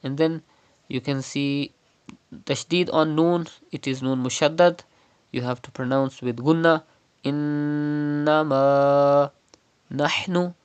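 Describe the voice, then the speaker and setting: Guy teaching recitation online, patient, stretches words out slow to show how, smooth clear voice. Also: medium pitch, steady tone, lo-fi sound. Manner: patient, instructive, drawing out words slowly to demonstrate pronunciation. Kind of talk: step-by-step recitation lesson.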